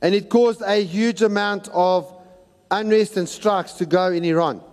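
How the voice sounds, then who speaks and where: A man preaching a sermon to a congregation, animated and at times shouting, acting out the people in his story. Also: high-pitched, unhurried. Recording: long reverb of a large hall.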